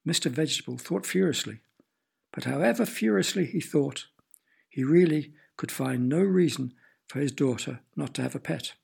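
A man narrating a children's story in a gentle, playful way, sometimes asking the listener questions. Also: on the high side, lively intonation, normal speed, gravelly, slightly rough.

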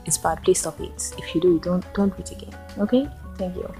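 A woman's voice: on the low side, fairly quick, mellow, soft background music. A young Nigerian woman hosting a solo podcast, ranting and firing off exasperated rhetorical questions in a Nigerian accent. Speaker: podcast host.

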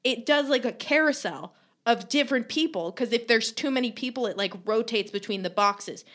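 A woman's voice: on the high side, a bit bright. A young woman chatting casually on a podcast, telling a comic story, swearing freely and acting out quotes with lots of laughter. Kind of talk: casual comedic storytelling chat.

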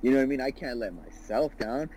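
A man's voice: medium pitch, animated, quick pace, darkish tone, a little hiss or hum, poor audio. A man in his twenties talking as a guest about his business, earnest and rambling, with lots of "you know" and "right". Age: 20s. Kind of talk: casual podcast conversation.

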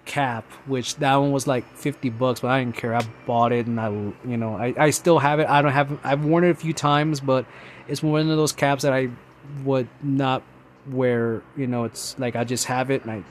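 Young guy, mid-range voice, excitable rambling host, faint background noise. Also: mid-range voice, moderate pace. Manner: excitable fan, many fillers and restarts. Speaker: podcast host. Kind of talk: casual rambling monologue.

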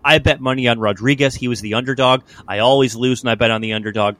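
A young man hosting a podcast, chatting casually about fights in a loose, profane, animated way. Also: mid-range voice, fast, no echo. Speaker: podcast host. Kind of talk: casual sports chat.

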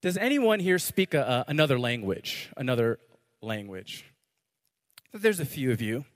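A man's voice: mid-range voice, big pitch swings, normal speed. A man preaching a sermon as pastor, joking playfully at times and praying earnestly. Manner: playful, joking asides then earnest prayer. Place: church. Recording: long hall reverb.

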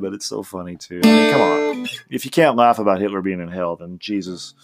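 A man's voice: mid-range voice, animated, brisk, vocal fry. A man hosting a podcast, talking in a loose, rambling way full of restarts. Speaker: podcast host. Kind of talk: casual rambling monologue. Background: faint guitar he plays himself.

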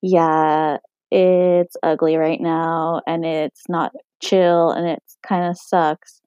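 A young woman talking on her own podcast in a casual, rambling way, full of "um" and "like", her throat hoarse and scratchy. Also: deep voice, little pitch movement, takes it slowly, dark tone, no echo. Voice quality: husky. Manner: meandering, lots of fillers like "um" and "like". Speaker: podcast host. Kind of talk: casual solo podcast talk. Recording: dry, muffled home recording.

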